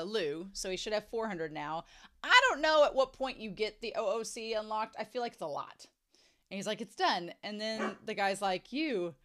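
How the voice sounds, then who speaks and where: A young woman giving casual reaction commentary on a story, chatty and animated, often acting out the characters' lines. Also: mid-range voice. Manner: chatty, animated, lots of "like", acts out quoted lines.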